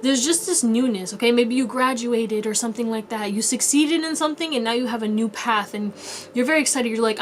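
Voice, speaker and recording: This is a young woman tarot reader doing a casual pick-a-card reading, chatty and rambling with playful asides. Her voice is fairly high and a little fast. There's a bit of hiss or hum on the recording.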